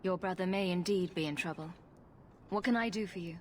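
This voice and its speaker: An actress playing a composed female warrior hero who asks calm, direct questions and offers help. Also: lowish voice, a little fast, a little hiss or hum, natural voice.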